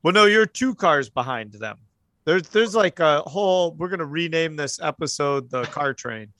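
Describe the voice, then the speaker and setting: Bright-voiced man running a tabletop game. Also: a little high, expressive, moderate pace. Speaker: game master.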